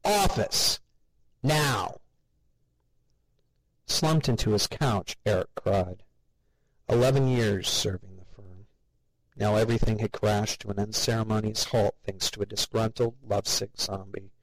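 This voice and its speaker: A man narrating an audiobook in a measured, wry way. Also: on the low side, fairly even intonation, no echo, rough recording.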